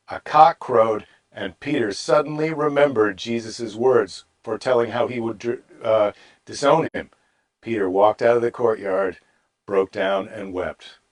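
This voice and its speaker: A middle-aged man, a comedian hosting a daily show, reading a Bible story aloud and breaking off into wry, rambling asides. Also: on the low side.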